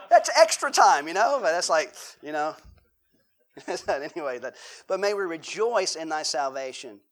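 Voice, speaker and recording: A male pastor delivering a sermon in a relaxed, conversational manner. His voice sits a little high for a man, and he breaks up the preaching with joking asides. He keeps turning to the congregation with questions. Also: unhurried.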